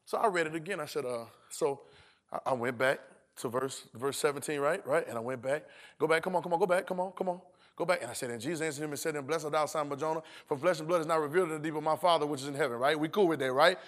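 Male preacher, AAVE, high voice, playful call-and-response, acts out lines. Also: quick pace. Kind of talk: sermon.

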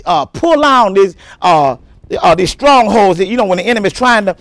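High-pitched shouting preacher man. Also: lively intonation, normal speed, no room sound. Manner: emphatic preaching, repeats words, breaks into shouts. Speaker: pastor. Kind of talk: sermon.

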